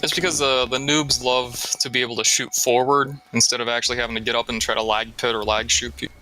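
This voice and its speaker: An American man talks in a relaxed, easygoing way. His voice is bright and forward, at a middle pitch. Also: fast, poor audio. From USA. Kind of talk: casual chat.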